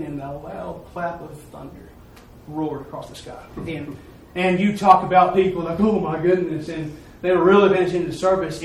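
Preacher in an echoey hall. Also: male voice, high voice. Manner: folksy, repetitive storytelling, rising to emphatic peaks. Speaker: preacher giving a mission report. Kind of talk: sermon storytelling. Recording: echoey hall, far-off mic, faint noise.

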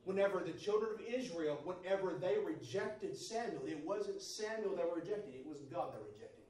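At a church service, a man with a high voice preaches to his congregation fairly quickly, far from the mic, building from quiet, steady speech to loud, fervent shouting. The off-mic sound is roomy, and congregation responses can be heard.

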